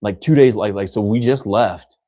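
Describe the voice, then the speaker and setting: A man's voice: lowish voice, normal speed, warm tone, no room sound. A man from the United States hosting a casual podcast chat, rambling with many restarts and acting out other people's lines. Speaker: podcast host.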